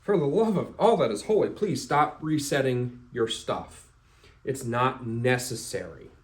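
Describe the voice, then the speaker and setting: A man's voice: mid-range voice, lively intonation, a little slow. Blunt, casual male firearms instructor. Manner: blunt, profane, acts out scenarios.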